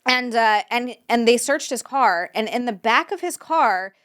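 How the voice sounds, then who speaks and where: A woman's voice: fairly high pitch, expressive, unhurried, fairly bright tone, clear, resonant tone. A woman co-hosting a true-crime podcast, recounting events in a chatty way, swearing and laughing as she goes. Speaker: podcast co-host.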